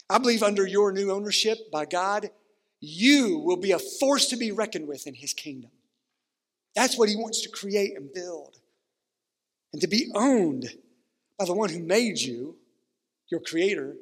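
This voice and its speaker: Male pastor, high-pitched, earnest sermon delivery with drawn-out emphasis, long hall reverb. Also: lively intonation, a bit bright. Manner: earnest preaching with slowed, stretched emphasis.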